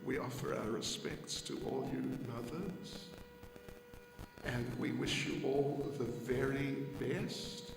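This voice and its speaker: A man, a monk, telling a devotional story to children in an animated, drawn-out way. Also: medium pitch, vocal fry, over music. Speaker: monk giving a Sunday class. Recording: echoey hall, faint ambience.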